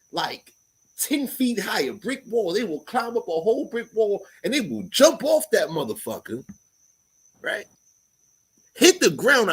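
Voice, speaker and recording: A man's voice: high-pitched, slightly rough, low-quality recording. A man in his forties with a New York accent, talking in a loose, profane casual chat full of street slang.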